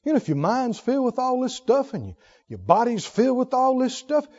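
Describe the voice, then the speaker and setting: Male preacher, high and very animated, emphatic and repetitive, dull lo-fi sermon tape. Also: fairly quick. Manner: emphatic, repeats key phrases, swings from loud to soft.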